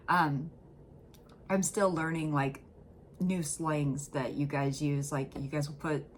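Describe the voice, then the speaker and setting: A woman's voice: sits low, darkish tone, slight background noise. An American woman hosting a reaction video, chatting casually and rambling with many fillers. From United States.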